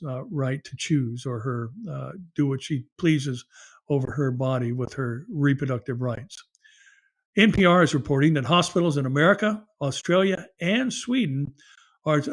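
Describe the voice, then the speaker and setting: A middle-aged pastor hosting a news commentary show, speaking in a slightly higher male voice. He reads articles aloud and breaks in with his own asides and fillers.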